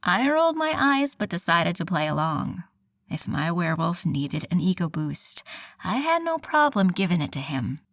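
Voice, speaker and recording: A woman narrating a first-person romance audiobook in a soft, breathy, intimate delivery. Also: on the low side, sing-song, normal speed, no room sound, studio quality.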